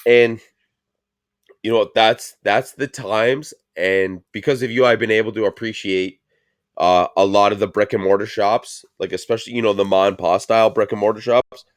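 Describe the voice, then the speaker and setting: A man's voice: on the low side, steady tone, normal speed, no room sound, clean studio sound. A man hosting a casual talk show, rambling and swearing a lot, with plenty of fillers. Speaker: show host. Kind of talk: casual profane chat.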